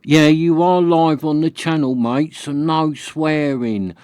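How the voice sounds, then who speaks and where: A man talks casually to his camera outdoors, teasing and joking his way through a mock phone call. His voice sits a little high for a man. The sound is dry and close, with no echo around it. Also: fairly even intonation, slow, darkish tone, smooth. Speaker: camping vlogger. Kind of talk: casual vlog chat. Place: outdoors at a military show. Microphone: handheld camera.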